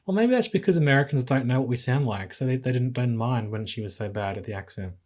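An Australian woman co-hosting a podcast, measured and gently questioning in a casual film chat. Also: a bass voice, lively intonation. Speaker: podcast co-host.

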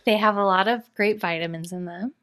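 Cheery woman co-host, mid pitch, laughs easily, casual chat. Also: fairly quick, fairly bright tone. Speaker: podcast co-host.

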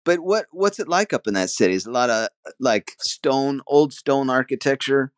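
A man from Utah, co-hosting a casual podcast and throwing in quick, joking questions. His pitch moves around a lot, and the recording is dry with no room sound. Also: lively intonation, smooth, no echo. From Utah, United States. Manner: quick, joking questions, often laughing along. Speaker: podcast co-host, comedian. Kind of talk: casual chat.

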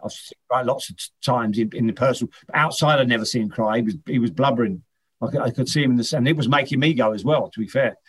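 A man's voice: medium pitch, quick pace, a bit bright, breathy edge. A middle-aged man, a former footballer, chatting as an interview guest, telling rambling anecdotes with many restarts. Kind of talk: casual interview chat.

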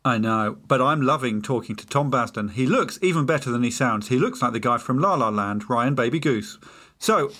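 A man in a band running a silly music quiz from home, animated and laughing. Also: medium pitch, moderate pace. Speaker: band member, game host. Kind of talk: comic chat and game hosting. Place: home, remote call.

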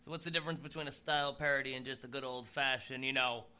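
Bright-voiced man, playful podcast co-host. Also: medium pitch, quick pace, clear, resonant tone. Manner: playful, jokey, gets loud when excited. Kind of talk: casual chat.

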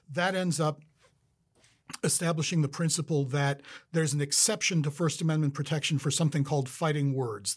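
Man, fairly high voice, thoughtful, restarts a lot, conversational. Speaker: interviewee, law speaker. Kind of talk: conversational explanation.

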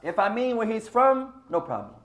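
A man's voice: high voice, big pitch swings, moderate pace, a bit bright. Man teaching a mosque class. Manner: earnest, sprinkles Arabic phrases, addresses the congregation as brothers. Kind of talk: religious class talk.

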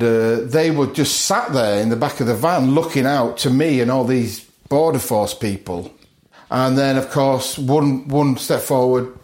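A middle-aged man tells his story as a podcast guest, with a voice of ordinary pitch for a man. He acts out other people's lines and chuckles often as he goes. The room around him gives his voice a noticeable echo. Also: a little mellow. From north of England. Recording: roomy echo.

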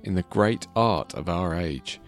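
A man hosting a casual comedy podcast, jokey and quick to laugh. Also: sits low, soft background music. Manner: jokey, laughs often, lively delivery. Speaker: podcast host. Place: small studio.

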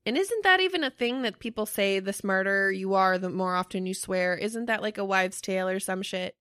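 A woman co-hosting a podcast, talking emphatically and swearing freely. Her voice is bright and forceful, recorded dry and close with no room sound. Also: mid-range voice, brisk, smooth, no room sound. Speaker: podcast co-host. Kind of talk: casual chat.

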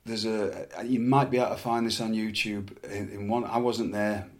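A man's voice: on the low side, moderate pace. Middle-aged English man telling wrestling stories. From England. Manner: animated anecdotes, laughing, repeats words. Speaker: former wrestler, guest. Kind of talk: casual storytelling chat.

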